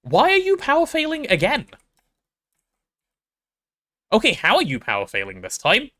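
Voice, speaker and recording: A man's voice: high voice, huge pitch swings, moderate pace, sharp tone. A young man chatting casually while streaming a game, rambling and playful with self-deprecating stories. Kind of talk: casual gaming stream chat.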